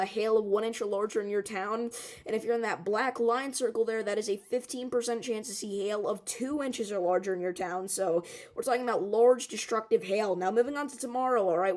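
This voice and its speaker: A woman with a hoarse, worn voice giving an urgent, emphatic severe weather forecast, often checking in with the viewer. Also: medium pitch, darkish tone. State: hoarse, strained voice.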